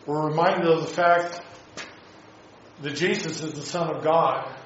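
A man preaching a sermon in a halting way, with restarts and rhetorical questions. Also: a little high, steady tone, a bit bright, roomy sound, dull audio, slight background noise.

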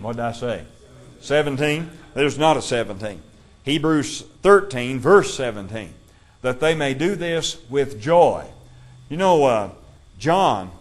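A man teaching a Bible class, reading scripture aloud slowly and putting questions to his listeners. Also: mid-range voice.

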